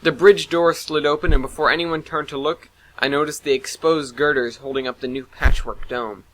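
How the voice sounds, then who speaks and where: Bright-voiced man narrating a story. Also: on the high side, fairly even intonation, normal speed, low-quality recording. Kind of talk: first-person story narration.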